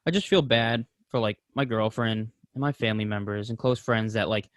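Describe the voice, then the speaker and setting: A man's voice: mid-range voice, a bit bright, no room sound, studio quality. A man co-hosting a casual podcast, talking openly and rambling, swearing freely. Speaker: podcast co-host.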